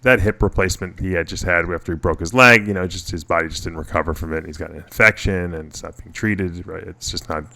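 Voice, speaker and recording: A man's voice: low-pitched, fast, gravelly, hardly any pauses, sharp tone. A middle-aged man hosting a casual radio show, telling personal stories in a rambling way with many restarts. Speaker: podcast host.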